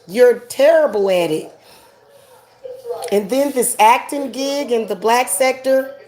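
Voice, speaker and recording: A woman's voice: on the high side, slow pace, a little mellow. A woman hosting a casual livestream rant, sassy and mocking, laughing often. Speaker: host.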